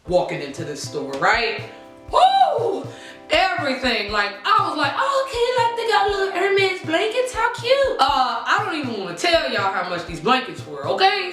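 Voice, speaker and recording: A young woman telling a casual storytime vlog, chatty and animated, talking straight to her viewers. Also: sits high, roomy sound. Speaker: vlogger.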